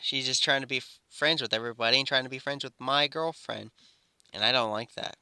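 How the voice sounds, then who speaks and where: Guy doing a smug cocky teen boy, bragging, bright voice. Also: medium pitch, fairly quick, smooth, dry recording, studio quality. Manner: smug and taunting. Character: cocky, boastful teenage boy.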